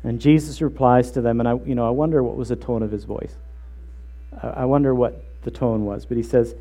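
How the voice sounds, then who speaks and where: Male pastor delivering a sermon, relaxed dark tone, deliberate emphatic phrasing. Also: mid-range voice. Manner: earnest, measured preaching with slow emphatic phrases.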